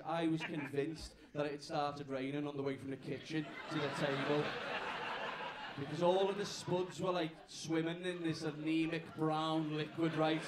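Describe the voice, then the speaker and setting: Scouse man doing stand-up, echoey club. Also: on the high side. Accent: Liverpool (Scouse). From north of England. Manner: rambling, self-mocking, chatty with the crowd. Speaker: stand-up comedian. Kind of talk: stand-up comedy set. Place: comedy club stage with live audience. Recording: echoey club room with noisy crowd.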